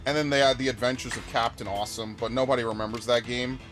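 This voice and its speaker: A man's voice: medium pitch, steady tone, quick pace. A man giving profane, ranting let's-play commentary while reacting to chat comments. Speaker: gaming YouTuber. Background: game music.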